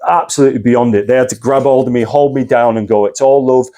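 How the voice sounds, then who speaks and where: A man's voice: mid-range voice, fast talker, dark tone. A man recounting a personal crisis as a podcast guest, intense and swearing often. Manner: intense, swears often, acts out his own past cries. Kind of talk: candid personal story.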